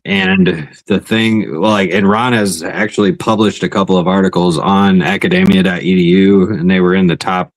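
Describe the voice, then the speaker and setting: A man co-hosting a paranormal podcast, chatting casually and relaxed. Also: low voice, normal speed, hardly any pauses, no echo. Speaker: podcast co-host. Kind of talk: casual chat.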